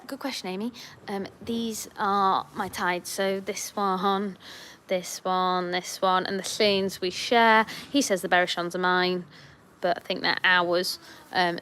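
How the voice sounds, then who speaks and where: Woman farmer chatting away on a stream in the sheep shed, middle pitch, sweet-talking her lambs. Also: a bit bright. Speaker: farmer vlogger. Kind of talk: casual livestream chat.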